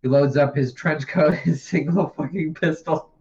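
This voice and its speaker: A man's voice: fairly high pitch, steady tone, moderate pace, darkish tone. Rambling profane young man, lo-fi sound. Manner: rambling, profane, laughs often. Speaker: podcast co-host. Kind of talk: casual chat. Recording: dull lo-fi sound.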